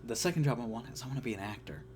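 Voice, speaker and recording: A man's voice: mid-range voice, lively intonation, a little mellow. Young man, casual vlog, eager, stop-and-start delivery, faint background hiss. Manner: halting, with many restarts, eager. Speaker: vlogger. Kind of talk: casual chat to camera.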